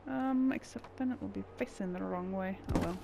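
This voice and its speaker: A woman's voice: medium pitch, fairly quick, vocal fry, heavy background noise. A woman giving casual gameplay commentary, muttering and thinking aloud to herself as she builds. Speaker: gameplay channel host.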